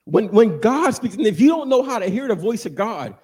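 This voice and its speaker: A man preaching a sermon, animated and joking, asking the congregation questions and answering them. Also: high-pitched, brisk, husky. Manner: animated, call-and-response, jokes with congregation.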